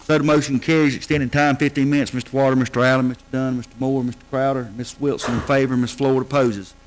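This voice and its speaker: A man chairing a county council meeting, calling motions and votes in a brisk procedural way. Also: mid-range voice, level tone, a little hiss or hum, low-quality recording.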